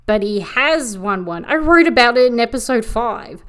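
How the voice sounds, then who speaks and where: A woman giving a sarcastic, profane comedic recap of an anime, tossing off quick mocking voices for the characters. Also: a little high, expressive, fairly bright tone. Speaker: anime reviewer.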